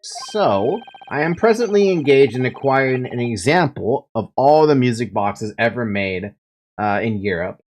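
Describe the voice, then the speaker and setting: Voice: mid-range voice, animated, a little slow, darkish tone. A streamer reading aloud the theatrical, pompous lines of an eccentric male detective from a game. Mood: grandiose.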